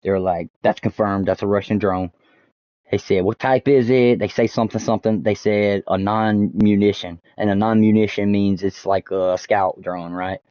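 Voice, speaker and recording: A man's voice: lowish voice, flat delivery, moderate pace, dark tone, no room sound. A man streaming a game, telling a long story in a loose, rambling way, full of fillers and swearing. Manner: rambling, many fillers and restarts, swears often. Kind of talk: casual storytelling while gaming. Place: home streaming setup. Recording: dull dry lo-fi mic.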